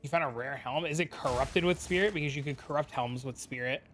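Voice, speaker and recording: A man's voice: on the high side, brisk, a bit bright, soft background music. A man streaming a game from a home room with a green screen, talking casually and rambling, swearing freely as he answers chat.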